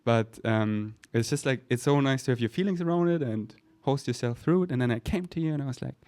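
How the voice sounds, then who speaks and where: A young man with a German accent, hosting a casual podcast chat in an animated, rambling way with lots of "like.". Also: mid-range voice, brisk. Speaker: podcast host.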